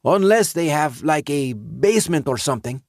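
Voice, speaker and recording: A man voicing an earnest, insistent teenage boy, raising his voice high and urgent. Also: animated, moderate pace, vocal fry, no room sound, studio quality. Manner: raised, high, urgent delivery.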